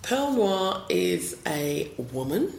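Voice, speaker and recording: A woman with a deep voice and a Southern English accent, chatting playfully as a singer being interviewed. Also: sing-song, slow pace, creaky, darkish tone, echoey room, slight background noise. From South East London, England. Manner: chatty and playful, laughs often. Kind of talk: casual interview chat.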